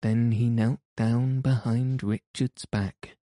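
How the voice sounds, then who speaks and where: A man reading a novel aloud in steady, deliberate scripted narration. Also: medium pitch, no room sound, studio quality. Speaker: audiobook narrator.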